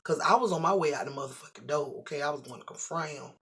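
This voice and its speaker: A middle-aged vlogger telling a story to the camera in a casual, animated and profane way, acting out the voices in the story. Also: medium pitch, quick pace, husky.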